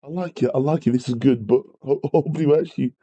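A man's voice: medium pitch, fast, mellow, poor audio. A man teaching a live maths revision lesson, greeting viewers and apologising often as he works through problems. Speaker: maths tutor.

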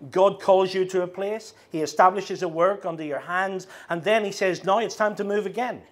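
A middle-aged man with a Northern Irish accent preaching a sermon, speaking slowly and deliberately with frequent ums and restarts. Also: high-pitched. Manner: slows down, halting with fillers.

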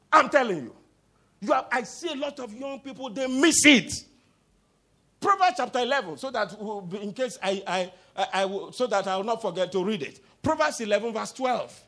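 High-voiced emphatic male preacher. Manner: emphatic and repetitive, bursting into loud exclamations; coaxing the congregation to answer back. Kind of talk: sermon with call-and-response.

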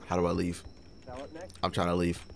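A man's voice: deep voice, completely flat delivery, moderate pace, gravelly. A young man hosting his gaming channel, giving loose, profane, joking commentary as he plays and breaking into bits of freestyle rap.

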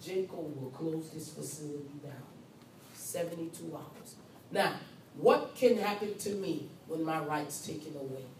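Her voice sits low and a little dark, moving slightly slowly as this nursing instructor stresses and repeats key points, voicing the patient in the first person. The recording is roomy and distant, with faint ambience and a touch of hiss or hum.

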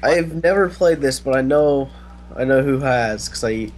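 A man's voice: medium pitch, unhurried, darkish tone, a little hiss or hum. A man joining as co-player in casual gameplay chat, laid-back and dry. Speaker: co-player guest.

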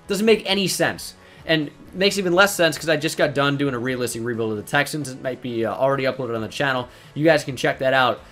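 A man's voice: mid-range voice, brisk, a bit bright, faint music behind. A young man giving casual commentary over a sports video game, blunt and exasperated, swearing freely. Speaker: gaming YouTuber.

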